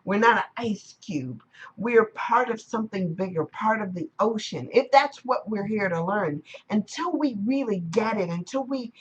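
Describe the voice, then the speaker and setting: A woman's voice: mid-range voice, expressive, moderate pace, slightly rough, highs cut off. A woman giving a live-streamed spiritual talk in a reflective manner, repeating and rephrasing her ideas. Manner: reflective, repetitive phrasing. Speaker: spiritual teacher.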